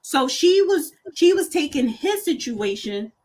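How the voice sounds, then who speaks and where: A woman's voice: high voice, sing-song, a little slow, a little mellow. A woman co-host in a casual discussion, restarting her thoughts as she talks.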